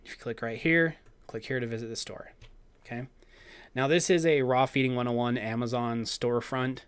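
A man with a slightly hoarse voice talks casually on a livestream. He reads out viewers' messages in a chatty way and often adds a quick "okay?" to check in. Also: mid-range voice, steady tone. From Utah. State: slightly hoarse, clearing his throat. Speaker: host of a live raw dog-feeding show. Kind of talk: casual livestream talk, reading chat.

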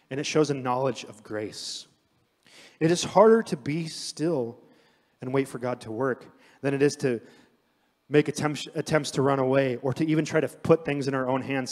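A young adult man preaching a sermon as pastor, telling stories with acted quotes in an animated way. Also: mid-range voice, moderate pace. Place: church sanctuary. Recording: long hall reverb.

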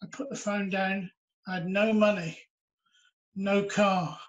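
High-voiced man telling his story. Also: steady tone, slow, muffled recording. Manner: earnest, reflective storytelling. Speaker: interviewee sharing his testimony. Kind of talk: personal storytelling.

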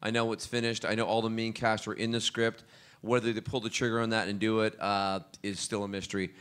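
A man from Scotland, a guest actor on a convention panel, telling stories in a lively, laughing way and often restarting his sentences. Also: lowish voice, fairly quick, clean tone. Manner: lively, laughing storyteller who stumbles and restarts. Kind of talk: casual panel storytelling.

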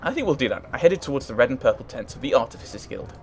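A man's voice: mid-range voice, big pitch swings, rapid-fire, slight background noise. A man playing a story game, reading its text aloud and thinking aloud in casual, hesitant commentary. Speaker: let's play gamer.

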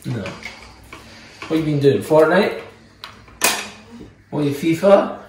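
A Scottish man with a slightly high voice talks through a home cooking demonstration in a playful, chatty manner, teasing his kids between steps. He sounds far from the mic in a very echoey kitchen. Pans and cutlery clatter clearly behind him. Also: lively intonation, slow, noisy background. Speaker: chef teaching home cooking.

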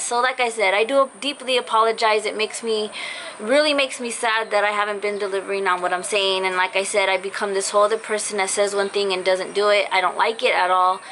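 A woman's voice: medium pitch, fairly bright tone, a little hiss or hum, low-quality recording. A young woman talking casually and earnestly to her viewers, apologizing and rambling with fillers, her voice cutting in and out after being sick. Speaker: vlogger. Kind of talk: casual heartfelt vlog talk to viewers. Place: in a car.

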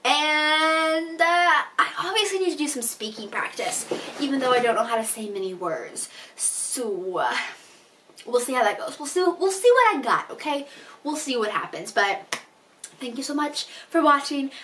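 A woman's voice: sits high, lively intonation, moderate pace, a bit bright, recorded from a distance, a little hiss or hum. A woman chatting casually to camera in a vlog, bubbly and laughing at herself. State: out of breath. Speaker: vlogger.

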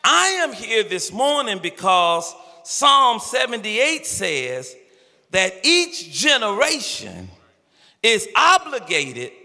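An older male pastor preaching an impassioned, pleading sermon with rhythmic repeated phrases and shouted peaks, recorded in a large church sanctuary. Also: high-pitched, big pitch swings, slow, creaky. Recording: echoey church hall with long reverb.

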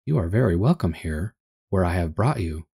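A man's voice: deep voice, lively intonation, moderate pace, gravelly, mellow, slightly rough, exaggerated voice. A man voicing a gracious, regal young fairy princess with formal, kindly speech in a read-aloud story.

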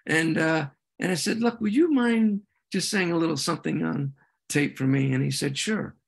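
Man, somewhat higher voice, presenting at a community meeting; earnest, halting delivery with restarts. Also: gravelly, breathy edge. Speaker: presenter at a veterans' group meeting. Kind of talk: informal talk with slides.

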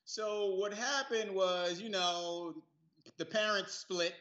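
Chill guy from new york telling stories w laughs, kinda high voice, roomy muffled call sound. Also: slow, pushed and bright. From New York City. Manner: laid-back, laughing storyteller. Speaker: guest actor. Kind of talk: casual interview chat.

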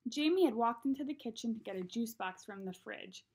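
A woman's voice: a little high, lively intonation, normal speed, hardly any pauses. A woman expressively reading a novel aloud as narrator. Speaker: reader.

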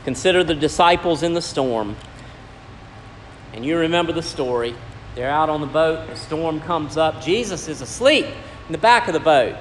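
Preacher with ringing hall echo. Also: male voice, on the high side, animated, normal speed, slight background noise. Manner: preaching with sharp swings between loud and hushed lines. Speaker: pastor. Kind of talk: sermon. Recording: long hall reverb with faint ambience.

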